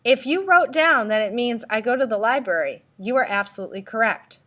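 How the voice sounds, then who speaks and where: A woman teacher giving a recorded tutorial, speaking slowly and deliberately, spelling out letters and asking listeners to repeat. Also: a little high, animated, pushed and bright. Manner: slow, deliberate, spells out letters and prompts repetition. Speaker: Spanish teacher.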